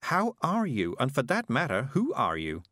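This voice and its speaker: A man's voice: medium pitch, huge pitch swings, moderate pace, a bit bright, no echo, studio quality, voice pushed up. A man doing a frail, fussy lady. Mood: fretful. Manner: weak, fretful and fussy. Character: flustered frail woman, fussy and polite.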